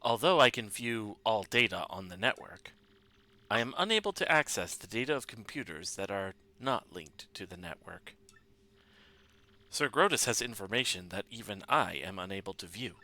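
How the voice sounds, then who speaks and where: A man reading the lines of a polite male computer intelligence in a measured, formal way. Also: fairly low pitch, animated, bright, forceful tone. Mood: calm.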